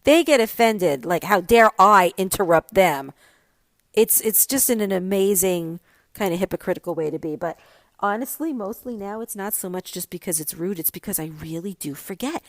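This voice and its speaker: A woman's voice: medium pitch, animated, brisk, darkish tone, no echo. A middle-aged woman hosting a podcast, chatting casually and animatedly about her pet peeves. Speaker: podcast host. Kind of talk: casual solo podcast chat.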